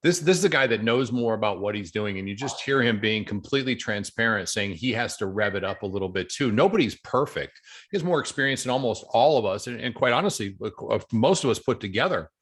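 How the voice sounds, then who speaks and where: A man leading a coaching group call, animated and upbeat, telling stories to encourage the members. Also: lowish voice, brisk.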